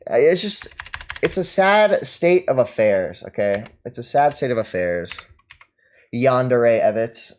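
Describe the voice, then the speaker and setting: Mocking male streamer with lively pitch. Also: slow pace, slight background noise. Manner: mocking, scornful, laughs often. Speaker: streamer reacting to chat. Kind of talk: livestream commentary.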